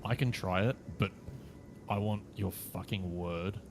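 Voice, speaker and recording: Deep man, crude and blunt. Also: measured pace. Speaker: player. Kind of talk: playing a tabletop game. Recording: noisy background.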